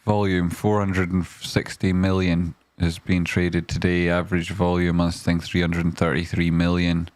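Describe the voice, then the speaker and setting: A man's voice: low-pitched, completely flat delivery, moderate pace, hardly any pauses, a little mellow, dry recording. A man, commenting on stocks in a rambling, casual way with lots of fillers, breaking into sweary rants. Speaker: stock market streamer.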